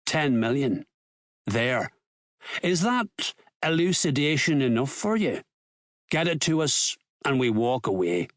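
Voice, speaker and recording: A man voicing a menacing middle-aged crime boss with a Belfast accent, gruff, threatening and swearing. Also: mid-range voice, very animated, slow, dry recording, clean studio sound.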